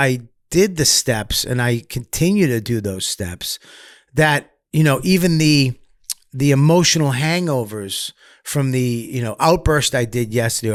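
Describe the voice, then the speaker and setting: Profane, animated male storyteller, dry studio sound. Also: mid-range voice, no echo. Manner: profane, animated, swings loud and soft. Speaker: podcast guest, comedian. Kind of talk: candid storytelling.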